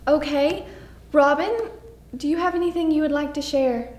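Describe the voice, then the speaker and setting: Very high-voiced woman moderating. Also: normal speed. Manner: calm, coaxing moderator. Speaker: therapist running a group session. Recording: roomy echo, faint hum.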